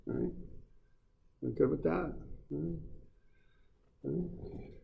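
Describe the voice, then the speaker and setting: A man's voice: on the high side, slow, vocal fry, husky, narrow, tinny audio. A man teaching an engineering class in an informal way, often repeating words and putting questions to the students. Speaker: engineering instructor. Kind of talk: classroom lecture.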